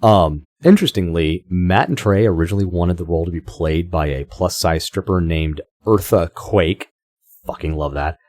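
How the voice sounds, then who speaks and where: A man's voice: low voice, normal speed, a little mellow, dry recording. A man co-hosting a podcast, talking casually, swearing freely and often restarting his sentences. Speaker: podcast co-host.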